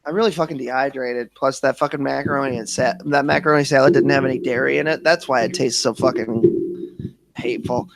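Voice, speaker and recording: A man's voice: mid-range voice, fairly even intonation, brisk, creaky, crowd noise. A man hosting a casual livestream chat, crude and self-mocking, swearing constantly. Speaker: livestream host.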